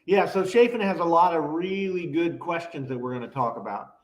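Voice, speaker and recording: A man who is a guest podcaster, explaining his show's plans in a measured way with some joking. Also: a little high, echoey room, low-quality recording. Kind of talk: casual chat.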